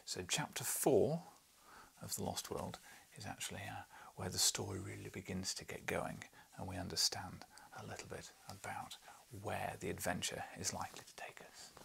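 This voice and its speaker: A man's voice: sits low, fairly even intonation, normal speed, vocal fry, a bit bright, whispered. A man reading a classic novel aloud as an audiobook, with chatty, wry asides at home. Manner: chatty, wry, talks to his cat. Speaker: audiobook narrator.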